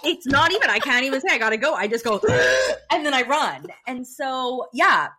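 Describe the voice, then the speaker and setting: Bright, lively young woman podcaster. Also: high-pitched, moderate pace. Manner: animated storytelling, frequent laughter. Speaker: podcast co-host. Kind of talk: casual chat.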